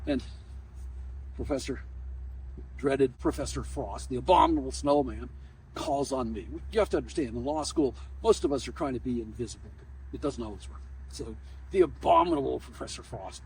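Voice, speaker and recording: Animated, gravelly-voiced male attorney. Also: medium pitch, moderate pace, recorded from a distance, a little hiss or hum, low-quality recording. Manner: animated, self-mocking storytelling. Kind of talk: storytelling vlog.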